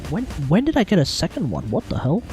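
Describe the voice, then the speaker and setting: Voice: mid-range voice, wildly swooping pitch, fast, dark tone, faint music behind. Crude, joking Australian streamer. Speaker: livestreamer. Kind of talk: casual stream chat while gaming.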